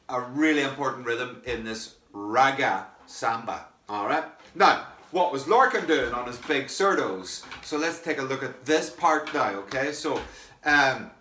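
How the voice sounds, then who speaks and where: Man, drum teacher, unhurried, echoey room, distant mic. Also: medium pitch, pushed and bright. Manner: encouraging, explains step by step, chants rhythm words slowly. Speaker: percussion teacher. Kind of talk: music lesson. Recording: echoey room with mic far off, clear background noise.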